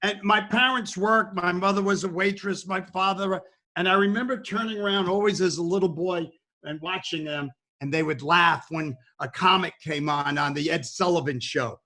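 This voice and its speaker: A man's voice: sits high, moderate pace, bright, forceful tone. A man hosting a casual video-call chat with comedians, asking questions and reminiscing. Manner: reminiscing, asks guests questions. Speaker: host.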